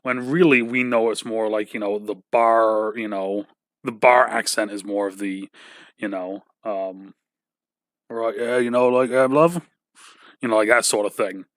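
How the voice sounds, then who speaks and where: A man from England hosts a podcast in easy, rambling chat, full of fillers and casual cursing. His voice is bright and forward. The sound is close and dry, with no room around it. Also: lowish voice, steady tone, normal speed, no echo. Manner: rambling, lots of filler and swearing. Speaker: podcast host.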